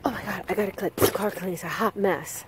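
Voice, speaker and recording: A young woman chatting excitedly in a casual vlog, telling stories as she moves around her home and yard. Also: medium pitch, quick pace, heavy background noise. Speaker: vlogger and makeup artist.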